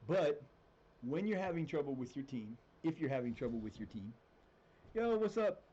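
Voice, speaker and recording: A man chatting on a live stream as he plays a football management game, rambling and animated, and now and then jumping into a high mock voice. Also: a little fast, slightly rough, highs cut off. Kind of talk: casual live-stream chat. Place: home room with cats.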